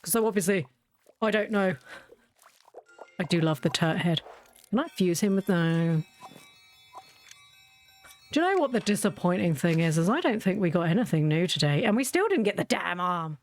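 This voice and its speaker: A woman's voice: fairly low pitch, animated, moderate pace, long pauses. A woman streamer chatting casually during a livestream, rambling through anecdotes.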